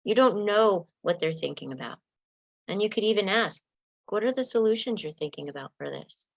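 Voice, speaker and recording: A woman's voice: mid-range voice, expressive, moderate pace, gravelly, dry recording, muffled recording. A woman coach giving a spoken self-help lesson, earnest and direct, often acting out sample lines of what to say.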